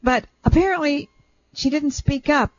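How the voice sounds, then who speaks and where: An older woman hosting a radio show, telling a family story in a chatty, animated way. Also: high-pitched, moderate pace. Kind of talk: casual radio chat, storytelling. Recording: dull lo-fi radio sound.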